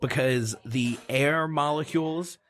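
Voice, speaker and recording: A man's voice: on the high side, a little slow, fairly bright tone. Rambling, chatty male podcast host. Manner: rambling, filler-heavy, playfully interrupting. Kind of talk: casual comedic podcast banter. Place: recording studio.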